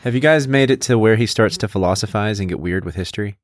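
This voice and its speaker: A man in casual podcast chat, laid-back with deadpan quips. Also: fairly low pitch, fast, dry recording, clean studio sound.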